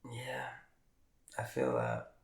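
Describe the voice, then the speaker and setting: A man's voice: mid-range voice, sing-song, extremely slow, vocal fry. A young man co-hosting a podcast in casual chat, laid-back, laughing often and swearing freely. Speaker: podcast co-host. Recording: echoey room.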